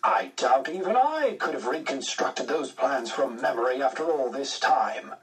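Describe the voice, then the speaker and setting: Male reader doing a stiff, clipped aristocratic English officer, mid-pitched, slightly off-mic. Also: lively intonation, normal speed, recorded from a distance, lightly acted. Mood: formal.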